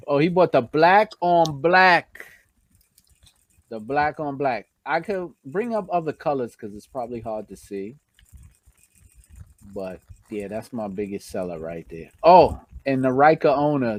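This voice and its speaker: A man's voice: medium pitch, animated, measured pace. A man with a New York accent hosting a casual live stream, chatting and reading out viewer comments.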